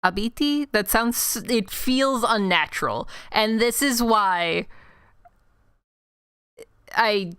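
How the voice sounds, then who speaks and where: A woman's voice: mid-range voice, fairly bright tone, clear, resonant tone, no room sound, studio quality. A woman from Chicago with a Chicago accent, chatting casually and rambling into a desk mic while livestreaming a game. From Chicago, United States. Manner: chatty and rambling, quick self-mocking asides. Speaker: streamer. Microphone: desk microphone.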